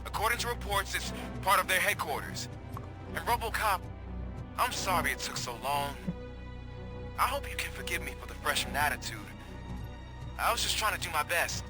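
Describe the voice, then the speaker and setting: An actor voicing an earnest, concerned police partner in a video game. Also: male voice, high-pitched, lively intonation, normal speed, long pauses. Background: game music.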